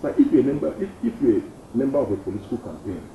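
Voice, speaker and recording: A man's voice: rapid-fire, creaky. A young man with a Nigerian accent, an activist answering interview questions emphatically and repeating his points. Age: young adult. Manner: emphatic, repeats points, lively pitch swings. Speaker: activist guest. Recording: dull roomy studio sound, faint noise.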